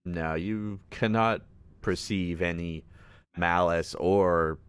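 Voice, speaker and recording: A man running a tabletop game as game master, relaxed and laughing often. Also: sits low, slow pace, clear, resonant tone, no room sound.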